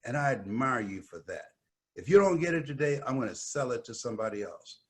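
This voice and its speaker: A man's voice: mid-range voice, animated, fairly quick, natural voice. A man doing a pushy house seller. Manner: smooth, pressuring.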